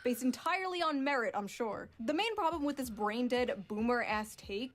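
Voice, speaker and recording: Brief: woman commentator, high voice, biting sarcasm, scripted delivery. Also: lively intonation, moderate pace, slight background noise. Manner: sarcastic, profane, rhetorical. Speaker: commentary YouTuber.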